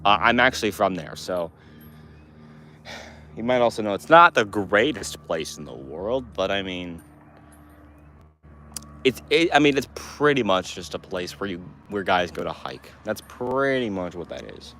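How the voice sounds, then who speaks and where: A man's voice: low voice, sing-song, measured pace, pushed and bright, slight background noise. A teenage boy from Montana chatting casually with his livestream viewers, rambling through restarts and fillers. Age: teens. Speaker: livestream host answering chat.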